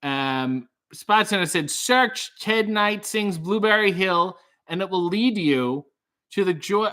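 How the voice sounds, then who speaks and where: A man running a casual live stream, reading viewer comments with dry, deadpan asides that trail off. His voice sits a little high for a man and sounds bright and forceful. He turns loud and upbeat when he greets a guest. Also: takes it slowly. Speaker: livestream host.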